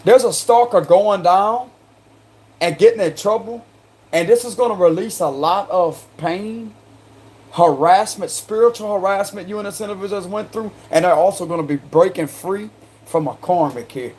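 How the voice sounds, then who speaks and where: A man's voice: high voice, normal speed, darkish tone, breathy edge. A man with a South Carolina accent doing a casual tarot card reading, slangy and chatty, breaking into laughter. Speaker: tarot reader.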